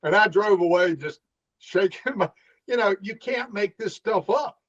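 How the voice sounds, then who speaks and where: A man's voice: high-pitched, measured pace. A middle-aged man and former police officer telling stories in a casual interview, acting out the dialogue as he goes. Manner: animated storyteller, acts out the dialogue. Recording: dull lo-fi sound.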